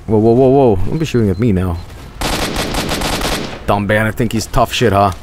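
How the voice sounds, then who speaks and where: A man streaming a video game, chatting casually to viewers in a joking, excitable way and swearing freely. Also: lowish voice, normal speed, noisy background. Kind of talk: casual gameplay commentary.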